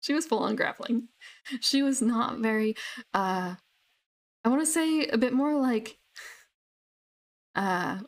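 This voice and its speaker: A woman's voice: on the high side, lively intonation, takes it slowly, long pauses. A young woman chatting casually about her tabletop characters, rambling with many fillers and restarts. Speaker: tabletop gamer. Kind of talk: casual chat.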